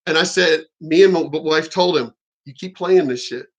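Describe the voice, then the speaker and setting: A man in his forties rants on his commentary channel, swearing constantly and telling stories with heat. His voice sits a bit higher than most men's. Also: normal speed. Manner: profane, heated, storytelling. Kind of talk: ranting video commentary.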